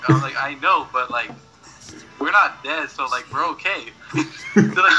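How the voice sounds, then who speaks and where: A man's voice: fairly high pitch, normal speed, bright, forceful tone, muffled recording, soft background music. A young man chatting casually, telling rambling stories full of swearing and laughing at himself. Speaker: podcast regular. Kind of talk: casual chat, storytelling.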